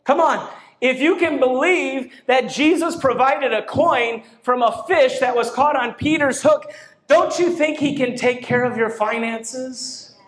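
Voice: high-pitched, unhurried, reverberant. A pastor delivering a sermon to a congregation, with emphatic rising bursts. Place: church hall.

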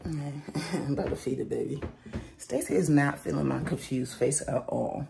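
A young woman talking casually in a home vlog, joking playfully and speaking gently to her child. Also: low-pitched, moderate pace, gravelly, background noise. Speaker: vlogger and parent.

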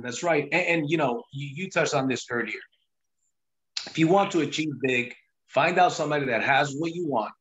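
Running a sales team call, a man shares his personal story as a motivational sales pitch, pressing hard and repeating himself. His voice is medium in pitch and slightly bright.

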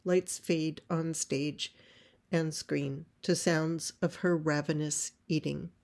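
A woman reading a play script aloud, describing stage directions in a measured way. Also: low-pitched, fairly even intonation, darkish tone. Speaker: playwright reading her script.

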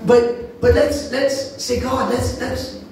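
A man preaching a sermon wrap-up, telling animated stories with sudden shouts. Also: extremely high pitch, takes it slowly, a little hiss or hum. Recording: echoey room from far off.

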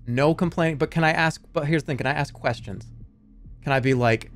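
A man streaming a video game live, narrating his play in an animated, self-mocking way with quick exclamations. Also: fairly high pitch, faint music behind. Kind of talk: live gameplay commentary.

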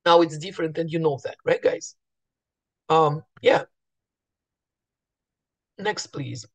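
A woman's voice: deep voice, takes it slowly. A woman real estate agent speaking to fellow agents in a morning voice, telling stories chattily with restarts and acted-out bits of dialogue. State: morning voice, clearing throat.

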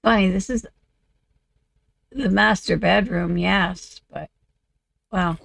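A woman's voice: medium pitch, takes it slowly, gravelly, a bit bright, no echo. A woman with a slightly off, coughing voice, casually talking through her game and muttering to herself as she works. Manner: muttering to herself while working. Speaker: video game creator. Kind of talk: casual gameplay commentary.

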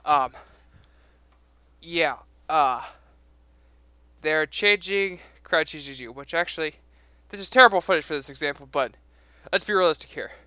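A man's voice: on the high side, unhurried, long pauses, pushed and bright, no room sound. A young man out of breath, giving rambling, self-correcting casual commentary on a game. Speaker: game video creator.

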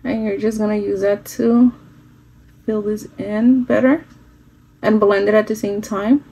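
A woman's voice: mid-range voice, steady tone, unhurried, mellow, breathy edge, low-quality recording. A woman chatting casually through a makeup tutorial, mixing in phrases and swearing now and then, recorded on a phone at home. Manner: chatty, switching into Spanish phrases, some swearing. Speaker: makeup vlogger.

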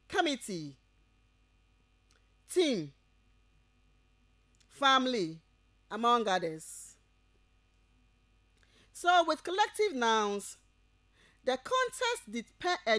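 Over the radio, a woman with a Ghanaian English accent lectures university students, going slowly and repeating each point like dictation while checking they're with her. Her voice is high with a fairly bright tone, and there's no room sound.

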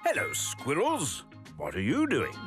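A man narrating a children's cartoon as a gently amused storyteller. He takes his time, and his voice rises and falls a great deal. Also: a little high, huge pitch swings, a little slow, music in the background.

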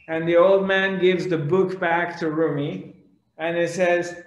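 Spiritual teacher guy telling a story real slow, echoey room. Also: a little high. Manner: animated storytelling, acting out the characters. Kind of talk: storytelling discourse.

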